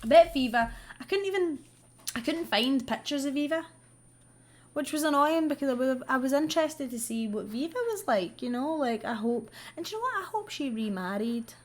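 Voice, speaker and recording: A woman's voice: high-pitched, animated, normal speed. A woman, the host, telling a true-crime story in a chatty, sweary way with wry asides while she does her makeup. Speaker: vlogger.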